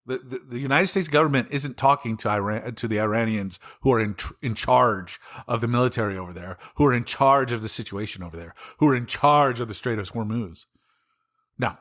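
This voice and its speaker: Brisk and a bit bright in a mid-range voice, this Southern US podcast host delivers an exasperated solo commentary on politics. He's angry and swears freely throughout.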